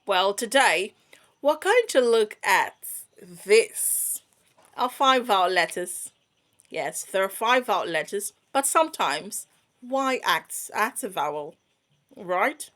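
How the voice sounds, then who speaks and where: Woman teacher going super slow thru vowel sounds, quizzing you as she goes. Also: mid-range voice, animated, fairly bright tone. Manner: drawn-out modeling of sounds, quizzing the viewer. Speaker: pronunciation teacher. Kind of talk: slow, deliberate lesson.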